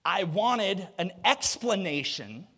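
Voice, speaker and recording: A man in his thirties with a high-pitched voice preaches a sermon at a slow pace. As an animated storyteller, he tells a story and acts out the voices of its characters.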